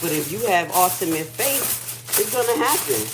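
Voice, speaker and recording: Her voice is fairly low and sing-song, at normal speed, against heavy background noise. A middle-aged woman, she hosts a casual kitchen livestream where she swears often and tells stories candidly and emotionally.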